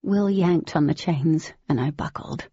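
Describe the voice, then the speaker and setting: A woman giving scripted first-person audiobook narration in a steady, even storytelling manner. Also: sits low, a little slow, husky, no echo, lo-fi sound.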